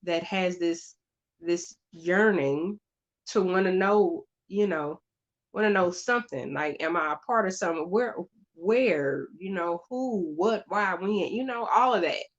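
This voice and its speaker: A woman hosts her own show and tells a story in a relaxed, chatty way. She speaks slowly in a lowish voice, stopping to restart and fill gaps. The recording sounds a bit dull and lo-fi. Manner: chatty, halting, many fillers and restarts. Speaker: podcast host. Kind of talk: casual storytelling chat.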